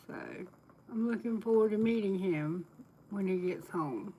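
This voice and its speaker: A woman's voice: medium pitch, unhurried, dark tone, slight background noise, poor audio. A woman tarot reader talks to her live-stream viewers in a loose, candid way. Her voice sits in an ordinary middle range and she breaks into laughter often. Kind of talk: casual live-stream chat.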